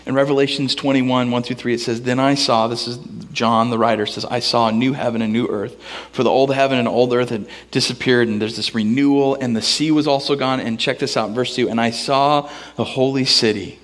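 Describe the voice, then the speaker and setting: A man preaching a sermon in a church, telling a story with animated voices for the people in it. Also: brisk, long reverb tail. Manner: storytelling, animated, acts out characters with big pitch jumps. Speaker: pastor. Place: church sanctuary.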